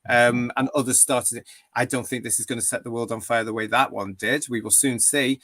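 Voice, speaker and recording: A man's voice: medium pitch, fairly even intonation, brisk, pushed and bright, no echo. British man in his fifties hosting a fan chat. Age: 50s. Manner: reads viewer comments aloud, chatty. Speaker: host. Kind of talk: live fan panel chat.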